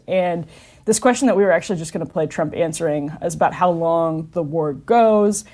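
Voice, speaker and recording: A woman's voice: lowish voice, a little fast, a little mellow. A woman hosting a casual chat show, chatty and laughing often as she talks. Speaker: host.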